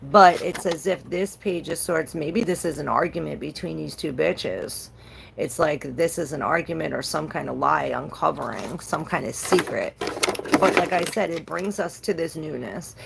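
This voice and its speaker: A woman's voice: deep voice, moderate pace, vocal fry, background noise. A woman giving a casual, rambling tarot reading on a livestream, repeating herself and swearing now and then.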